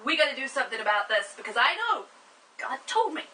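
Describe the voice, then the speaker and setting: A bossy, scheming mother who is sure she knows best, brisk and insistent, as a woman puts her on. The voice is bright and sits a little back from the mic, with faint room noise. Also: high voice, big pitch swings, distant mic, full character voice, poor audio.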